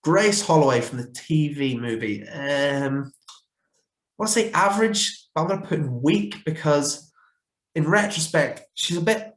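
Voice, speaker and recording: A man's voice: fairly high pitch, measured pace. A man giving a casual, opinionated fan review, chatty with frequent fillers and self-corrections. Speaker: fan reviewer ranking characters. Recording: roomy echo.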